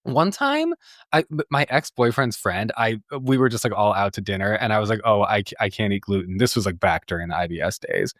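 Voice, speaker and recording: Candid low-voiced man hosting a podcast. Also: big pitch swings, fairly quick, fairly bright tone, no echo, studio quality. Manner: chatty, candid, peppered with "like" and swearing. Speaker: therapist and podcast host. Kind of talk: casual solo podcast talk.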